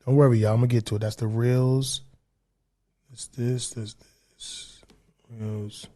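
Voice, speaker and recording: A man's voice: mid-range voice, little pitch movement, a little slow, dark tone. A man hosting a casual podcast livestream, ranting in a profane, heated, rambling way. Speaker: podcast host.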